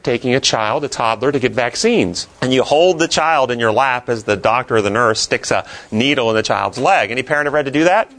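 A man teaching a classroom Bible lesson, asking the class questions and then answering them himself. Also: medium pitch.

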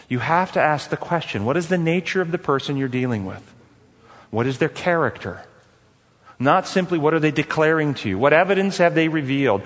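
A man teaching a forgiveness course in an earnest, repetitive way, putting questions to his listeners. His voice sits somewhat high for a man. A long reverb from a large hall trails after his words. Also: fairly quick. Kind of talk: teaching talk with stories.

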